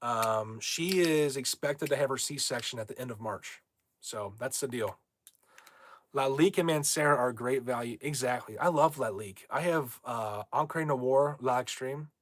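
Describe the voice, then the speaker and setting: A man's voice: mid-range voice, moderate pace, no echo. A young man hosting a casual livestream from home, brash and rambling as he reads viewer comments aloud. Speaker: livestream host.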